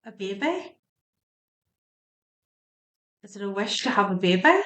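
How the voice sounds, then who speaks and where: Slow, chatty woman reading tarot. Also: medium pitch, big pitch swings, fairly bright tone, echoey room. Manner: chatty and emotional, asking the cards questions aloud. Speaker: tarot reader. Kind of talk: spoken tarot card reading.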